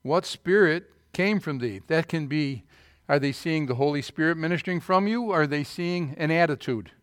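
A man's voice: on the high side, normal speed, no room sound. Emphatic preaching man, dry close sound. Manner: emphatic preaching with rising bursts and asides. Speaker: pastor. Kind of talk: sermon.

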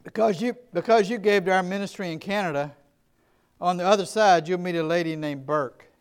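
Southern US male pastor, high smooth voice, earnest storyteller in a sermon. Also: fairly quick. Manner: earnest, emphatic, shifts from quiet to loud.

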